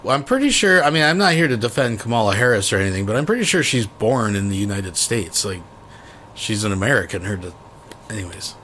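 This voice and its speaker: A man's voice: fairly low pitch, expressive, quick pace, sharp tone, slight background noise. A man hosting a reaction channel, cutting in skeptically to rebut what he just heard. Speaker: commentary channel host. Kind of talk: reaction commentary.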